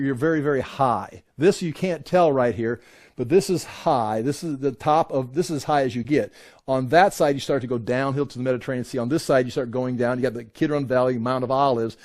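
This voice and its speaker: A man's voice: medium pitch, a little mellow. Middle-aged male teacher, rambling classroom lecture over photos. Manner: rambling, with many restarts; points out details on photos. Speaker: Bible teacher.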